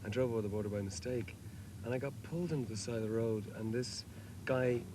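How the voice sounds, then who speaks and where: A man's voice: medium pitch, steady tone, quick pace. An Irish man, a rock singer, talking reflectively in an interview and telling stories with many restarts. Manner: reflective, anecdotal, with restarts and fillers. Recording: hissy old VHS tape.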